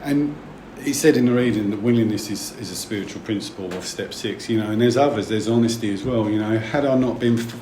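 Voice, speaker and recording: Quick and nearly pause-free, this lowish, mellow male voice belongs to a middle-aged man opening up at a recovery meeting. He wanders through his story, swearing without restraint and letting a bit of emotion show. Expect echo and background noise.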